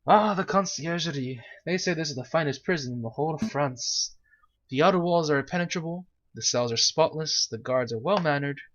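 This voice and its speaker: A game player voicing an earnest, dignified male falcon lawyer who talks in a measured, formal way, on a slightly dull lo-fi recording. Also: mid-range voice, fairly bright tone, lightly acted.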